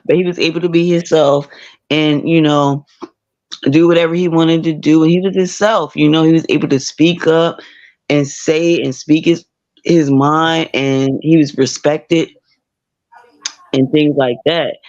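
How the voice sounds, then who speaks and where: A woman's voice: low voice, steady tone, measured pace, a little mellow, lo-fi sound. A woman hosting a casual call-in commentary stream, talking with the hiccups and frequent restarts. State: has the hiccups. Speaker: livestream commentary host.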